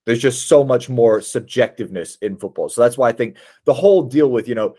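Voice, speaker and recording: A man co-hosting a casual football podcast, animated and opinionated, laughing often. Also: mid-range voice, brisk. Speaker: podcast co-host.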